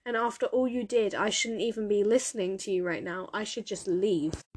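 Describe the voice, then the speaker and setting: A woman reading the lines of a weary, guarded immortal male hunter in a low, dull, quiet way. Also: steady tone, moderate pace, slight background noise, natural voice. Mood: bitter. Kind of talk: audiobook character reading.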